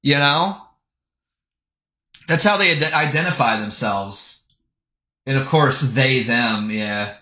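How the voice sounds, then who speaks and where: A young male streamer reacts to posts and videos with crude, scornful commentary, swearing plenty and breaking into laughter. His mid-range voice is sharp, slow and full of pauses, recorded with a roomy echo.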